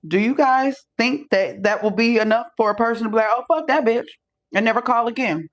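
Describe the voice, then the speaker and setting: A middle-aged woman hosts a podcast from a room in her home, her voice pitched on the high side and moving a little fast. She tells stories in a loose, profane monologue, acting out everyone else's voices herself.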